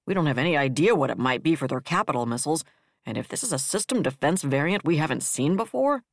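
A man's voice: fairly high pitch, big pitch swings, fast, vocal fry, no echo, studio quality, heavily acted. The narrator voicing a worried male operations officer briefing his admiral aboard a warship, in a sci-fi audiobook. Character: tense male starship ops officer.

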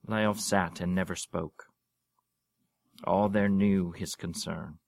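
A man reading a fantasy story aloud in a measured, expressive way. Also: low voice, creaky. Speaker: narrator.

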